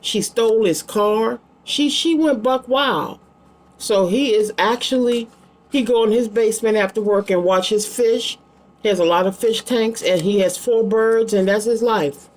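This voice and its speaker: A woman's voice: medium pitch, steady tone, moderate pace, darkish tone. A middle-aged woman giving a casual, rambling psychic card reading, chatting between cards and making fond asides to her small son. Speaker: psychic tarot reader.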